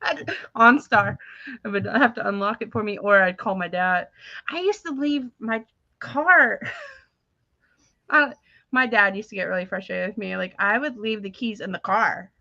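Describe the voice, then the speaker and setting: A young woman chats casually on a podcast, telling her stories with lots of laughter and acted-out quotes. Her voice is bright and the sound is dry and a little dull. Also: medium pitch, moderate pace, vocal fry, dry recording. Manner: animated storytelling, laughs often, acts out quotes. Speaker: podcast co-host. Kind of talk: casual chat.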